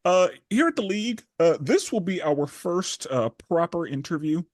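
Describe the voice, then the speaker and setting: A man with a fairly high voice hosts a podcast and leads the chat with playful, showman-like flair. The sound is close and dry, with no room around it. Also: animated, moderate pace, no echo. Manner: playful, showman-like build-ups. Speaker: podcast host.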